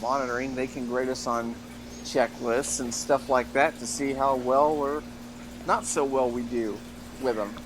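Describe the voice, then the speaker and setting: A man's voice: mid-range voice, steady tone, a little slow. Agreeable man with noisy background. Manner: agreeable, chiming in. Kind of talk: casual chat.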